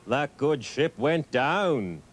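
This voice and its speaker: A reader voicing a grave sailor who speaks in slow, hushed tones, in a dramatic poetry recitation, set a little back from the mic. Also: medium pitch, sing-song, pitched below the performer's own voice. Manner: solemn, hushed. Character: grave old sailor bringing bad news.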